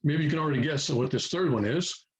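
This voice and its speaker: A man's voice: fairly high pitch, fast, a little hiss or hum, low-quality recording. Man, teacher, lesson explanation, repeats words, lots of ums and restarts. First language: English. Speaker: language teacher. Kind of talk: explaining at a whiteboard-style lesson.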